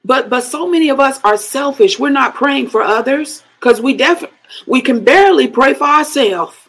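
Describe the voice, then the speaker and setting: A woman's voice: sits high, animated, normal speed, low-quality recording. A middle-aged woman preaching a sermon, breaking into speaking in tongues and laughing between phrases.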